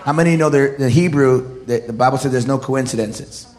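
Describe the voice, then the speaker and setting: A man preaching a sermon to his congregation, building up to shouted declarations. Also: mid-range voice, fairly quick. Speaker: pastor.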